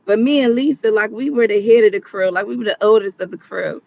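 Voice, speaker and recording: A woman's voice: medium pitch, quick pace, gravelly, darkish tone, lo-fi sound. A woman in her late thirties telling stories in a casual chat, laughing often and acting out quotes. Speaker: vlogger. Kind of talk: casual storytelling.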